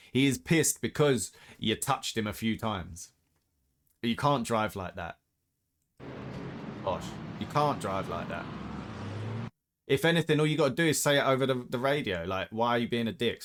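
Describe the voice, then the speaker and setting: A man hosts a reaction show, talking over racing clips in casual commentary. He is blunt and opinionated and often slips into a rant. His voice sits at an ordinary middle pitch for a man. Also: a little hiss or hum.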